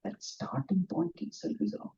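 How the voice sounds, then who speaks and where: Swami teaching scripture. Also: male voice, high voice, wildly swooping pitch, normal speed, vocal fry, dark tone. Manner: earnest teacher who laughs often and tells stories. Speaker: swami giving a scripture talk. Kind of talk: spiritual discourse. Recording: distant, dull lo-fi room recording.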